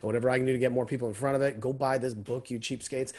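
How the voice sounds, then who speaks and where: A man's voice: medium pitch, fairly even intonation, very fast, a little mellow. A man hosting a podcast, talking in an enthusiastic, casual way and swearing freely on a remote call. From Canada. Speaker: podcast host. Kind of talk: casual chat.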